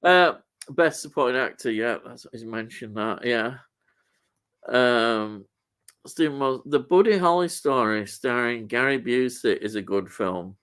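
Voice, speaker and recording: Middle-aged host, mid-pitched, easygoing, reads viewer comments aloud. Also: male voice, measured pace, fairly bright tone, smooth. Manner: reads out viewer comments, agreeable, many short yeahs. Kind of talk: casual chat.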